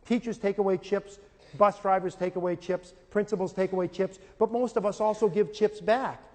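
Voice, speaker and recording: A middle-aged man with a high voice lectures an audience on raising and teaching children. He tells lively stories and slips into characters to act out scenes. His voice rings out through a hall with a long, trailing reverb. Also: normal speed. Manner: animated storytelling, acting out scenes in character. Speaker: speaker on parenting and teaching.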